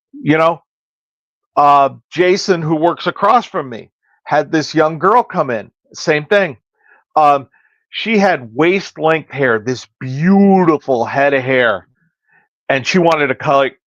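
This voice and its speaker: Man with a slightly raised voice on a casual podcast, an animated storyteller who acts out quoted dialogue, in a dry, dull-sounding recording with no room echo. He talks as a hairstylist sharing salon lessons. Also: a little high.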